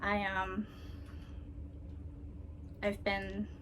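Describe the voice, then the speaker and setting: Slow, rambling woman vlogger. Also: medium pitch, monotone, a little hiss or hum. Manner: slow, rambling, with frequent ums and soft laughs. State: emotional, holding back tears. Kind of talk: casual personal vlog.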